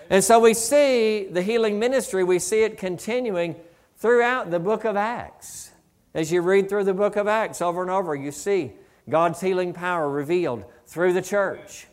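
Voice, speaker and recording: Male pastor, high-pitched, fervent sermon delivery with conversational asides. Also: normal speed. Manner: fervent, building to loud exclamations of praise.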